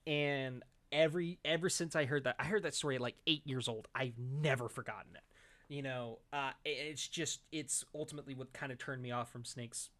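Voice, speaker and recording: A man's voice: medium pitch, fairly even intonation, fairly quick, a bit bright. A man co-hosting a casual podcast, telling a story in a rambling way with lots of fillers and restarts. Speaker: podcast co-host. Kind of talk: casual chat.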